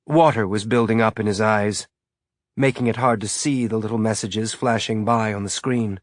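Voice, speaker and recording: A man with a lowish voice narrates an audiobook, telling the story in a measured, even way. The recording is dry and the studio sound clean.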